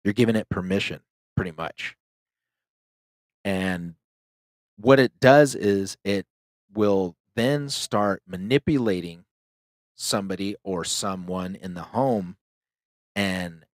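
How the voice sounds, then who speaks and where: A deep-voiced man tells a ghost story in a loose, rambling way, filling his sentences with "like" and "um." His voice is low, and it sounds dry and close to the microphone, with no room echo. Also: takes it slowly, long pauses. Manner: loose and rambling, heavy use of "like" and "um". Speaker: podcast host telling a ghost story. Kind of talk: casual storytelling.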